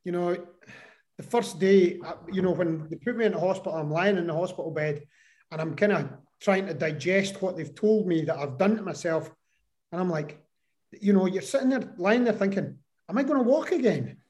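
Guy in a podcast interview, kinda high voice, tells his story loud and lively. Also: normal speed. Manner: animated, acts out quoted voices. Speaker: interview guest.

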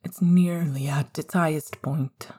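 A woman voicing a young man who is struggling against a wolfish pull, in a low, rumbling murmur. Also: steady tone, measured pace, warm tone, slightly rough, heavily acted. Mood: brooding. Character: young man fighting his inner wolf.

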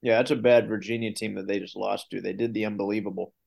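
A man hosting a casual sports podcast, telling game stories with rising excitement. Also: lowish voice, fast talker, vocal fry. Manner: animated storyteller, rises when excited. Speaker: podcast host.

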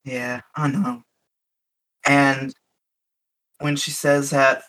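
A man's voice: mid-range voice, little pitch movement, extremely slow, pauses often, pushed and bright, low-quality recording. A man playing a tabletop role-play character, describing his character's actions in the first person in an earnest, reflective way. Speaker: player.

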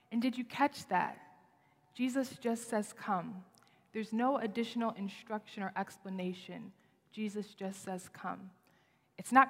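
A woman's voice: fairly high pitch, normal speed. Earnest young woman preaching in a reverberant hall. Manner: earnest, expressive, rising for emphasis. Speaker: speaker at a worship service. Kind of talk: sermon. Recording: long reverb of a large hall.

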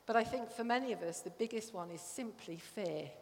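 A woman's voice: medium pitch, fairly quick, a little hiss or hum. A woman giving a conversational sermon to a congregation, often checking that they follow. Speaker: church speaker. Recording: long hall reverb.

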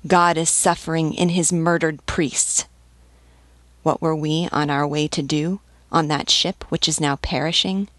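A woman's voice: deep voice, steady tone, a little slow, fairly bright tone, dry recording. A woman reading as a stern elderly nobleman who speaks serenely and persuasively. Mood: solemn. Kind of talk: audiobook reading.

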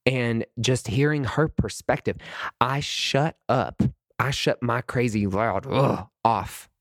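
A man's voice: mid-range voice, a little slow, no echo, studio quality. A man hosting a podcast, talking in a heated, rambling way with many restarts. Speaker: podcast host. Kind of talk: casual podcast monologue.

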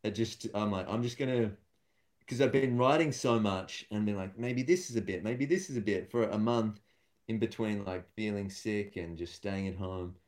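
A man's voice: lowish voice, moderate pace, a little mellow. A man, a stand-up comedian and guest, talking casually and thoughtfully in an interview, with many fillers and restarts.

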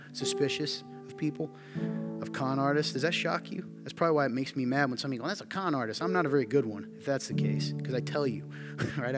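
Earnest man preaching over guitar music. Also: mid-range voice. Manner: conversational, earnest, rising to emphatic. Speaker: pastor. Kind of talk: sermon. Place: church sanctuary. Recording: music playing underneath.

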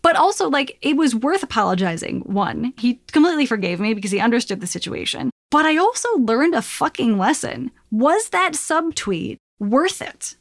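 A woman co-hosting an advice podcast, chatting casually in a playful, animated way and swearing now and then. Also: high voice, normal speed, hardly any pauses, no echo, clean studio sound.

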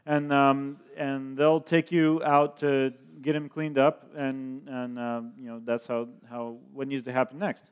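A man's voice: medium pitch, little pitch movement, smooth, lo-fi sound. A man interpreting a sermon into English, often laughing and restarting his sentences. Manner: frequent laughter, halting restarts.

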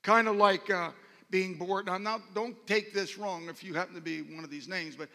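A man's voice: high-pitched, fairly even intonation, normal speed, vocal fry, bright, forceful tone. A man preaching a sermon to a congregation in a folksy, rambling way, with joking asides. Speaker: pastor. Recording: long reverb of a large hall.

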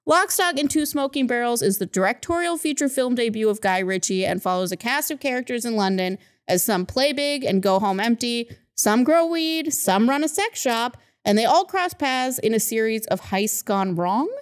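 A woman hosting a casual film-review podcast, chatty, with lots of laughter and quick asides. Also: fairly high pitch, expressive. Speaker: podcast host.

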